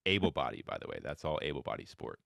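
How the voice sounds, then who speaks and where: Talking fast in a very deep, smooth voice, a thirtysomething head coach of wheelchair handball from Florida, USA, tells animated stories during a podcast interview and acts out the lines he quotes. The studio-quality audio has no room sound.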